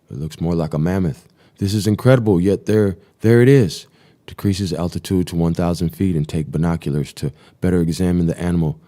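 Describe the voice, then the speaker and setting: A man's voice: low voice, dark tone. A man hosting a live stream, reading a diary aloud and breaking off for profane, sarcastic asides.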